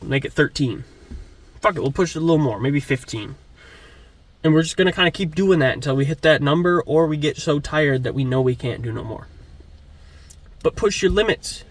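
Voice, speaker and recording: Earnest swearing man giving a pep talk. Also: on the high side. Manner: earnest, swearing, repeats for emphasis. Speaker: fitness vlogger. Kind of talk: motivational monologue.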